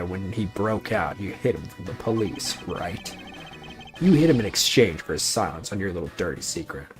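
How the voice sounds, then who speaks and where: A man voicing a cocky, combative male Interpol agent from a mystery game, in a gruff, mocking, clipped voice. The agent is read aloud on a livestream. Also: low voice. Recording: faint music behind.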